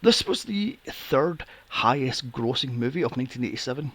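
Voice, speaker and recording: Husky, sarcastic man. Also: mid-range voice, animated, moderate pace, a bit bright, dry recording. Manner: sarcastic, swears freely, mocking asides. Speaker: podcast host. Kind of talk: casual film review chat.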